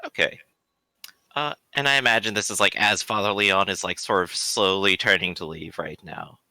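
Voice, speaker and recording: A man's voice: deep voice, normal speed, pushed and bright, no room sound. A man playing a tabletop role-playing game, chatting and describing his character's actions. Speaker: player. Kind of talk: tabletop role-play chat.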